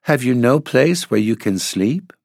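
A man reading a storybook, putting on a gentle, earnest young girl who speaks eagerly and quickly. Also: mid-range voice, animated, gravelly, no room sound, clean studio sound, voice pushed up.

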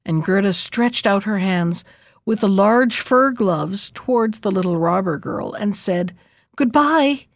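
A woman narrating a fairy tale in a lively, expressive storybook reading. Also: medium pitch, unhurried, no room sound, clean studio sound.

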